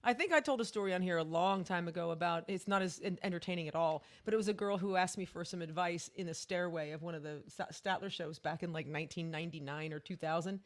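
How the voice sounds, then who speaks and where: A woman's voice: on the low side, quick pace, few pauses. A woman co-hosting a casual live-stream podcast. She chats easily, laughs along with her partner's story, and greets viewers in the chat. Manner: chatty, laughs along, reads out viewer comments. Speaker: podcast co-host.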